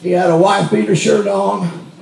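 A man preaching a testimony sermon, telling a story and building to shouts. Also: high-pitched, little pitch movement, moderate pace, vocal fry, roomy sound. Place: church sanctuary.

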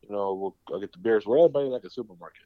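A man's voice: on the low side, very fast, no echo. A young man, hosting a casual podcast chat and telling rambling stories with plenty of swearing. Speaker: podcast host. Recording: dull lo-fi sound.

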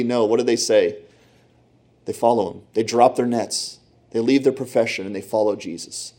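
A man's voice: medium pitch, fairly even intonation, normal speed, warm tone. A man preaching a sermon, retelling Bible stories with dramatic, acted-out voices. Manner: dramatic storytelling, acts out Bible characters.

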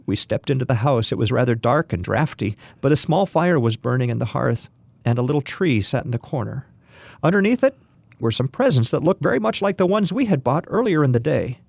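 A man narrating a story in a wry, gently humorous manner. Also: medium pitch, lively intonation, a little fast, gravelly, no room sound.

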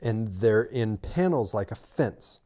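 Middle-aged guy on a podcast, mellow warm voice, teasing, loose storytelling. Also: lowish voice, animated, slow pace. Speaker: podcast co-host. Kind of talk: casual chat.

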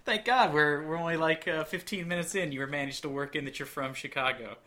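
A man's voice: fairly high pitch, a little fast, pushed and bright. A man co-hosting a movie podcast who recaps the plot with sarcastic, mocking asides. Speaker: podcast co-host. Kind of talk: casual movie review chat.

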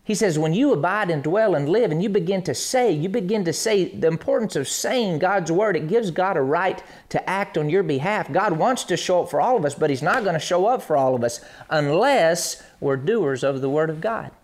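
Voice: mid-range voice, moderate pace, hardly any pauses. A preacher delivering a sermon with scripture readings, preaching in an emphatic, repeating cadence, acting out little scenes and chuckling between points. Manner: animated, acts out little scenes and sounds.

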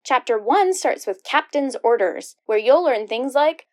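A woman's voice: on the high side, lively intonation, moderate pace, few pauses, a little mellow. A woman hosting a library podcast, reading cheerful scripted book recommendations for children.

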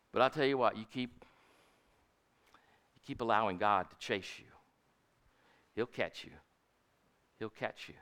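A man's voice: medium pitch, fairly bright tone, clear, resonant tone. An older man preaching a sermon in a folksy, storytelling way, often asking his congregation "Amen?". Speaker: pastor.

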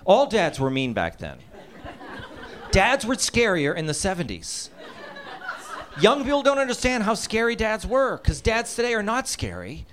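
Telling a comic tale from his boyhood, this Massachusetts man in his fifties speaks in a high, slightly bright voice whose pitch swoops wildly, yet he takes his time. He laughs as he talks and acts out voices and sound effects, and there's a little hiss or hum on the recording.

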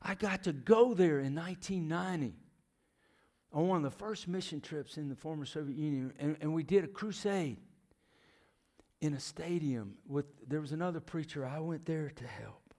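An American man in his sixties preaching a sermon, telling stories dramatically and dropping from loud emphasis to hushed near-whispers. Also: a little high, normal speed.

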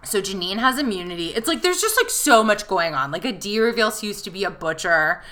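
Bright-voiced woman in casual chat. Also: medium pitch. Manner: animated, laughing, quick asides and put-on voices. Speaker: podcast co-host.

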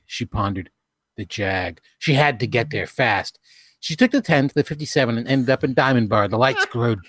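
A man's voice: medium pitch, fairly bright tone, dry recording. Male podcast host, dry close mic, theatrical comic reader. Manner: dramatic storytelling, breaking into laughs. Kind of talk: comic reading of fan fiction.

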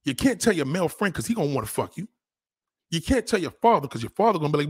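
A man's voice: on the high side, big pitch swings, fast, breathy edge, no room sound, clean studio sound. A man hosting a crude, heated commentary rant, talking straight at his viewers. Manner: blunt, crude and heated, addressing viewers directly. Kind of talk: profane relationship rant.

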